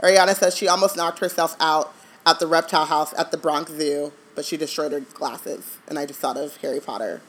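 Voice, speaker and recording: A woman's voice: deep voice, fairly even intonation, fairly quick. A woman co-hosting a book discussion podcast, chatting casually, laughing often and trailing off mid-thought. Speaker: podcast co-host. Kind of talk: casual chat.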